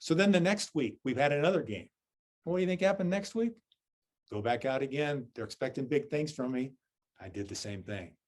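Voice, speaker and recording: A man's voice: mid-range voice, lively intonation, a little fast, a little mellow. Southern man giving a conversational Zen talk. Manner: conversational, checks in with listeners with "right?" and "okay?"; self-deprecating, storytelling. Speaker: Zen teacher. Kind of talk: dharma talk with a personal story.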